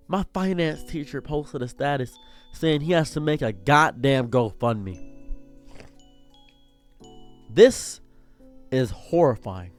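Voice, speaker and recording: A young man streamer in an emotional commentary rant, swinging between anger and holding back tears. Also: mid-range voice. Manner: impassioned, swinging from angry to near tears.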